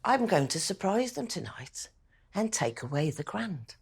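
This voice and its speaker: A woman's voice: mid-range voice, big pitch swings, unhurried, gravelly, heavy background noise. A woman, a contestant chatting and joking as she cooks in her home kitchen. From West Midlands, England. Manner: chatty, exclamatory, jokey. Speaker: contestant cook.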